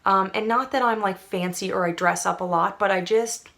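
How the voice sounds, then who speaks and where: A woman's voice: mid-range voice, steady tone, moderate pace, gravelly, a bit bright. A young woman from Canada, chatting to camera in a rambling, casual way full of fillers. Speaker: vlogger.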